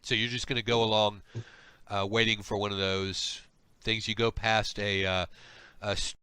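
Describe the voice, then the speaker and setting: A man narrating as game master of a tabletop game, halting and full of restarts. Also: lowish voice, level tone, pushed and bright, clear, resonant tone, no room sound.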